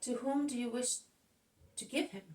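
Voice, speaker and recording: A woman's voice: high-pitched, steady tone, normal speed, darkish tone, far from the mic, pitched above the performer's own voice, close to an everyday voice. A woman voicing Peter, an anxious, eager male disciple who presses with questions, in a spoken religious audiobook. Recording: echoey room, voice off-mic.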